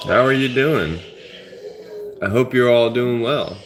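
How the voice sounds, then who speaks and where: A man hosting a live stream in a loose, rambling way, answering his viewers. His voice sits at an ordinary middle pitch. Faint music plays behind him. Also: takes it slowly. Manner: rambling, laid-back, chats with commenters. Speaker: livestream host.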